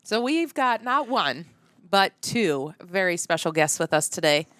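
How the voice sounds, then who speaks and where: Lively, low-voiced woman host. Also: measured pace, no echo. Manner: playful, teasing, laughing. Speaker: podcast co-host. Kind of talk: casual chat and guest introductions.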